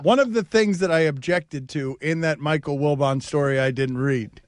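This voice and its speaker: A man's voice: a little high, normal speed. A man hosting a sports talk radio show, telling stories animatedly and laughing at his own bits. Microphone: studio mic.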